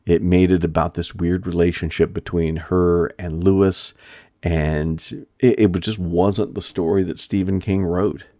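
Deep-voiced man in a rambling monologue. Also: fairly even intonation, a little slow, warm tone, no room sound, studio quality. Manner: rambling, frequent "uh" and restarts. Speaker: shop owner and podcast host. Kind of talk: casual monologue review.

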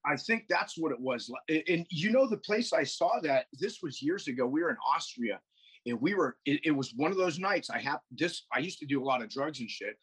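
A man's voice: fairly high pitch, animated, brisk, a bit bright, slightly rough, low-quality recording. A man guest on a podcast, rambling through stories in a casual, profane way over a video call. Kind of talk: casual chat.

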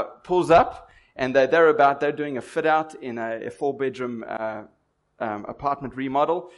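Conversational preacher. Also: male voice, mid-range voice. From Durban, South Africa. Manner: conversational storytelling with rhetorical questions. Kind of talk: sermon.

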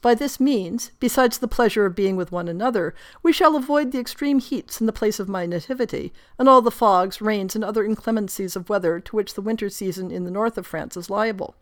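A woman's voice: mid-range voice, a little fast, few pauses, natural voice. A woman reading aloud the lines of an affectionate, resolute young noblewoman in tender, formal prose. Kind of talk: reading a period novel aloud.

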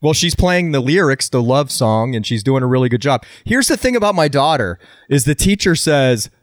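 A man co-hosting a casual podcast chat, telling stories with dry, deadpan jokes. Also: medium pitch, moderate pace, no echo. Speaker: podcast co-host.

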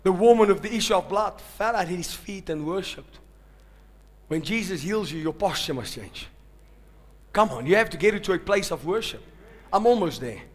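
A male pastor preaching a sermon, swinging from hushed, slow lines to loud shouted peaks, and calling out to the congregation. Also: sits high, lively intonation. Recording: long hall reverb.

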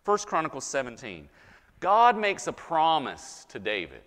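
Male pastor preaching, lots of pitch swing, talky teaching vibe, big hall echo. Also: wildly swooping pitch, unhurried, fairly bright tone. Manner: conversational teaching, checks in with listeners. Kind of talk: sermon. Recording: hall reverb.

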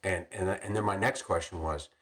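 An older man, a retired police captain, telling stories in a podcast interview with many restarts and frequent throat clearing. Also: low-pitched, fairly even intonation, normal speed, fairly bright tone.

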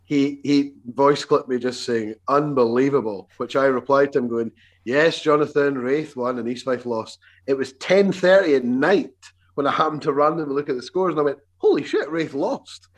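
A man co-hosting a podcast, telling quick, animated anecdotes in casual chat. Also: mid-range voice. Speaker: podcast co-host.

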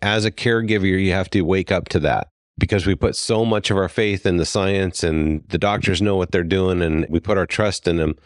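Deep-voiced, earnest male podcast host. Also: brisk, no room sound, clean studio sound. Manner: earnest, gets worked up and apologetic. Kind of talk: casual podcast talk.

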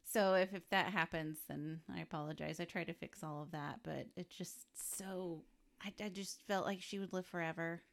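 A woman's voice: fairly low pitch, steady tone, moderate pace, creaky. A woman co-hosting a podcast, talking casually through a life story and joking between facts. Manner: chatty, laughs often, quips between facts. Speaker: podcast co-host.

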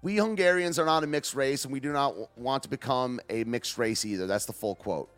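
A man's voice: medium pitch, a little fast, fairly bright tone, clean tone. A man hosting a show, rambling through news clips in loose, slangy casual commentary and laughing often. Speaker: show host.

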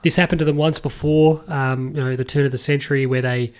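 A man with an Australian accent co-hosting a casual sports podcast, talking in quick, rambling runs. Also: mid-range voice, fairly even intonation, clear, resonant tone. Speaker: podcast co-host.

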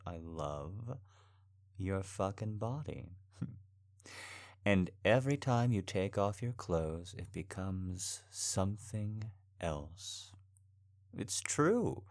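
Slow, deep-voiced man, commanding and teasing. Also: a little mellow. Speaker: audio role-play performer. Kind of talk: adult audio role-play.

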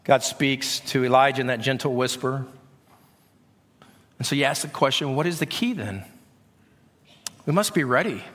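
A man's voice: mid-range voice, normal speed, long pauses, fairly bright tone. A middle-aged man preaching a sermon to his congregation, talking conversationally and often repeating words as he goes. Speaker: pastor. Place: church sanctuary. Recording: long reverb of a church hall.

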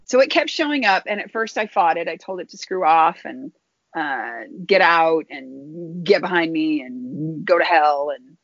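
A woman guest telling a personal story in an earnest, halting way, often restarting her phrases. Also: sits low, no room sound. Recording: dull lo-fi dry recording.

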